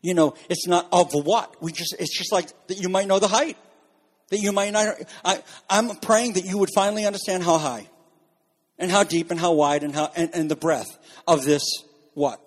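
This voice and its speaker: Male pastor, sermon, earnest, somewhat high voice, long echo of a large room. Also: normal speed. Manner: earnest, rises in pitch for emphasis.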